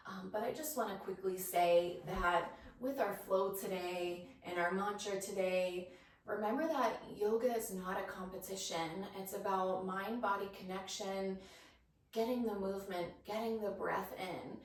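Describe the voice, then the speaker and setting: A woman's voice: mid-range voice, a little slow. A woman teaching a yoga class, cueing each breath and pose and sounding a little out of breath. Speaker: yoga instructor. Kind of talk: guided yoga class cues. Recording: roomy echo, voice from a distance.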